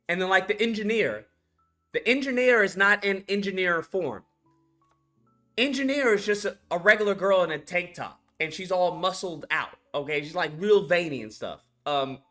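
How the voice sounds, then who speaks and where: A man's voice: sits high, sharp tone. A man hosting a channel, talking casually and incredulously through a film's scenes, swearing and laughing as he acts them out. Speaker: animation channel host reviewing a film. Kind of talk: casual ranting film commentary.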